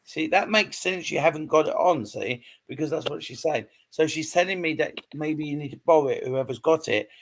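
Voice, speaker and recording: A man's voice: a little high, moderate pace, creaky, few pauses. A man giving a live psychic reading, hesitant and repetitive, often checking in with "okay?". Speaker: psychic medium.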